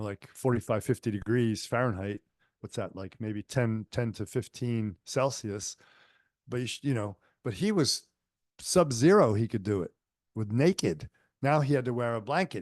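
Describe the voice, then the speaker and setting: Man, spiritual healing teacher, casual storytelling lecture, middle pitch, dry close sound. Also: moderate pace, darkish tone, no room sound. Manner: conversational, anecdotal, frequent fillers. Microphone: online lecture microphone.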